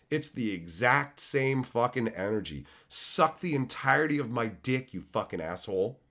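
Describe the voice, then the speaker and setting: A man's voice: mid-range voice, expressive, normal speed, few pauses, bright, forceful tone. A man in his thirties from Canada, ranting on his stream with heated sarcasm and constant swearing. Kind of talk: profane ranting.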